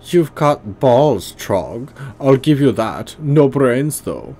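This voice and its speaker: A man's voice: medium pitch, big pitch swings, takes it slowly, mellow, husky, pitched above the performer's own voice, full character voice. A man voicing a sneering, arrogant male extremist leader with a put-on German accent and a foppish, mocking manner. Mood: gloating.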